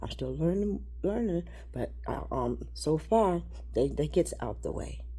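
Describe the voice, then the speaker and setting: A woman giving a rambling, preachy spiritual monologue, halting and repeating words, dropping to a hush and then rising loud. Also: low voice, animated, slightly rough. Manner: preachy, swings between hushed and loud.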